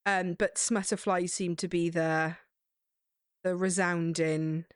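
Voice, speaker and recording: A woman's voice: fairly low pitch, steady tone, takes it slowly, clear, resonant tone, no room sound, clean studio sound. A young woman co-hosting a casual podcast chat, playful and teasing, eagerly egging her friend on. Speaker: podcast co-host.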